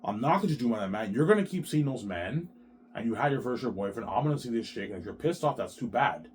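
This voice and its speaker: A man's voice: medium pitch, lively intonation, fast, darkish tone, a little hiss or hum. A middle-aged man delivering a profane, repetitive ranting monologue to camera, tacking "man" onto the end of his phrases. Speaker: vlogger.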